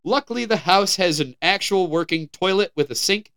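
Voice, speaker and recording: A man's voice: high-pitched, lively intonation, moderate pace, fairly bright tone, smooth. An American man co-hosting a podcast, reading out headlines in a casual, joking way and sometimes stumbling over words. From United States. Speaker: podcast co-host.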